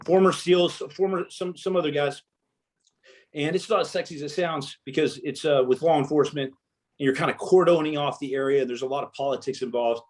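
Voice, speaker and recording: A man's voice: on the high side, a little fast. A man, a former Navy SEAL guest, telling war stories in a casual interview and acting out the dialogue. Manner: animated storyteller, acts out quoted dialogue.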